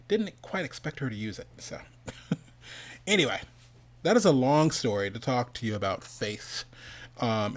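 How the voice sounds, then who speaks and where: A middle-aged man hosting an online summit, telling a long casual story, rambling and cutting himself off, laughing often and slipping into other people's voices. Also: mid-range voice. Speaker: host of an online animation summit.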